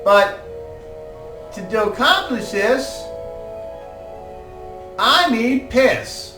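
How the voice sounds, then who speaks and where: A man's voice: very high-pitched, expressive, drawn-out words, pitched above the performer's own voice, exaggerated voice. A man voicing a meek, stammering old male tanner who asks for odd favors. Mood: wheedling. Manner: pleading, stammering, easily frightened. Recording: roomy, distant mic, faint music.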